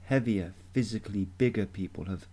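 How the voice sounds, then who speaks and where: A man giving a measured, deliberate instructional talk as a voice coach. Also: fairly low pitch, warm tone.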